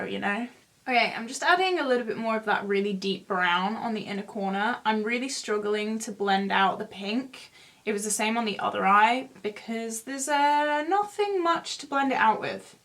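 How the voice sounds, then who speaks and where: A young woman in her twenties, a beauty vlogger, does her makeup while chatting casually in a get-ready-with-me video. She rambles and mocks herself, her voice fairly high and a bit bright.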